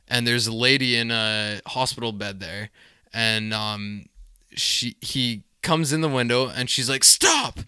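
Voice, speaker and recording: Bright, smooth man in casual film chat. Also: mid-range voice, a little slow, no echo, studio quality. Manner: rambling retellings of scenes, lots of likes and ums. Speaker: podcast co-host.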